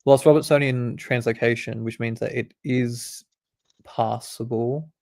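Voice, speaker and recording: A man's voice: mid-range voice, fairly even intonation, measured pace, vocal fry, darkish tone. A young man, a medical student, reading quiz questions aloud and explaining the answers in a laid-back, casual way. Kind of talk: casual quiz study session.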